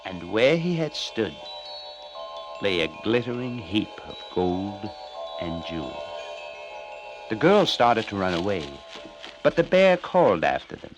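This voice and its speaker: Man, fairy-tale narrator, very animated pitch, bright voice, light music behind. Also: a little slow, long pauses, rough recording. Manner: animated, expressive. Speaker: storyteller.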